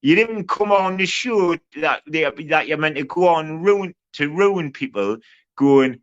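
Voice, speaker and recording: A man co-hosting a livestream panel, arguing loudly, swearing and mimicking the people he argues with. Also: on the high side, animated, takes it slowly. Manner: loud, sweary, mimicking others. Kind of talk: heated livestream argument. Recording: muffled lo-fi stream audio.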